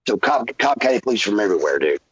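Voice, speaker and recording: Guy telling a crazy story, swears a lot, husky voice, dry close sound. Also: fairly low pitch, quick pace, no room sound, highs cut off. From Georgia, USA. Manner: animated, swearing, acts out quotes. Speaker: podcast guest, former pro wrestler. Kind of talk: profane storytelling.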